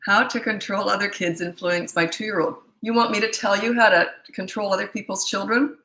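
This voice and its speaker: A woman's voice: medium pitch, steady tone, a little fast, pushed and bright, reverberant, low-quality recording. A middle-aged woman, a parenting coach answering viewer questions live, blunt and incredulous, often laughing and mocking the questions.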